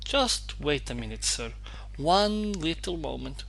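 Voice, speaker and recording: A man voicing a brisk, scolding old woman housekeeper in a storybook reading, pushing his voice high and sharp. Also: expressive, vocal fry, a little hiss or hum, full character voice.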